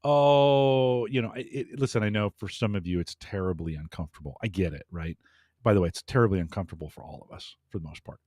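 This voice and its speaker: A man's voice: low voice, fast talker, a little mellow, slightly rough, dry recording, clean studio sound. A man in a casual podcast talk, giving earnest coaching advice to podcasters.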